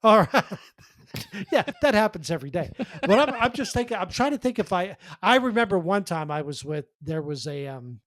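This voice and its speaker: A man with a high voice tells press box stories on a sports podcast, bouncing between quick bursts and quieter asides. He acts out the people in his stories and restarts his sentences often. The sound is close and dry, with almost no room around it. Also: no echo. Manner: animated storyteller, acts out quoted voices, many restarts. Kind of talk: casual storytelling chat.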